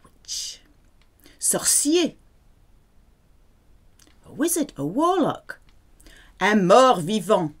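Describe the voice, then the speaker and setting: A woman's voice: mid-range voice, very animated, takes it slowly, long pauses. A woman teaching French vocabulary, speaking patiently and repeating words with careful pronunciation. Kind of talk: vocabulary lesson.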